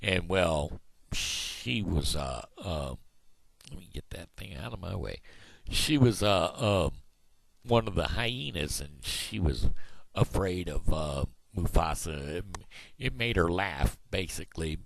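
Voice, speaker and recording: Man, Midwestern American accent, very low gravelly voice, lively swoops in pitch, dry close sound, folksy rambling vlog talk. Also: takes it slowly, dry recording. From Missouri, USA. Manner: folksy, meandering, with many fillers. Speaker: video blogger.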